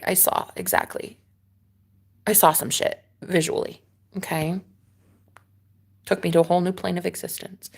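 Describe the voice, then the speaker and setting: A young woman vlogging a casual storytime rant, animated and swearing, with sudden loud outbursts and dips. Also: medium pitch.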